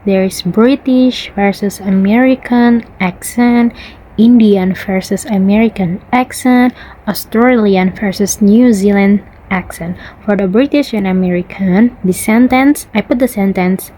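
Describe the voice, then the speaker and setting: Slow, mellow-voiced young woman presenting. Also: mid-range voice, poor audio. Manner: halting, with frequent pauses and fillers; repeats example words to contrast them. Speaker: student presenter. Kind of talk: class presentation.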